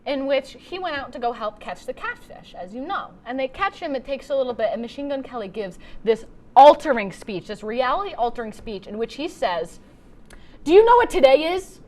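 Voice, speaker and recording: A woman's voice: a little high, expressive, brisk, few pauses, darkish tone. A young adult woman hosting a comedy show, delivering a playful, exaggerated monologue.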